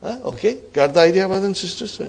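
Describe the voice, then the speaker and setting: A man's voice: high voice, animated, quick pace, vocal fry, a little mellow. A man teaching an Arabic grammar class, encouraging his students and asking them questions. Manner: encouraging, asks the class questions, repeats words for emphasis. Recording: classroom lecture recording.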